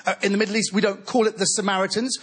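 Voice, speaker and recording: A man doing stand-up comedy on stage, shouting his punchlines and slipping into comic accents. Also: high voice, level tone, very fast, slightly rough. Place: live theatre stage. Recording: loud laughing crowd in a theatre. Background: audience laughter.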